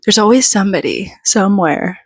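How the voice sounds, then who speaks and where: A book vlogger in her thirties chats from her bedroom floor, rambling and self-deprecating and a little out of breath. Her medium-pitched voice is husky, animated, and brisk.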